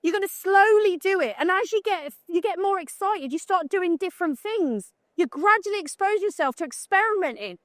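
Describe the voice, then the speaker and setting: A British woman speaks in a very high voice, close and dry with no room around her. She gives a live talk to photographers, blunt and chatty, with jokes and quick questions to the crowd. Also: animated, no room sound. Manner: blunt, joking, chatty, asks the audience questions. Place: conference talk room at a trade show.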